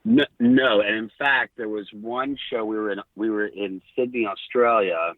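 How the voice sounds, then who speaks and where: A middle-aged man, a podcast guest, telling lively backstage stories with quoted dialogue. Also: fairly low pitch, normal speed, no echo. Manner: animated anecdotes with quoted dialogue. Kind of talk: casual storytelling. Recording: tinny phone-like line.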